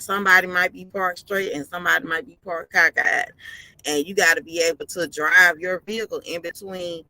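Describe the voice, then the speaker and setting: Parked in her truck cab, a woman trucker chats on a live stream, yawning with fatigue while earnestly going over her advice again and again. She sounds lowish, bright, and forceful, on a low-quality recording.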